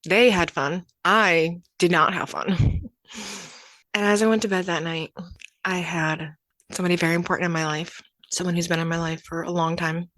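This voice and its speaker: A young adult woman talks through a personal story on her podcast, candid and chatty, slipping into the voices of the people in her story. Her voice sits a little low. The sound is dry and close, with no room around it. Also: steady tone, normal speed, fairly bright tone, no room sound. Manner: candid and conversational, acting out quoted exchanges. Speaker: podcast host.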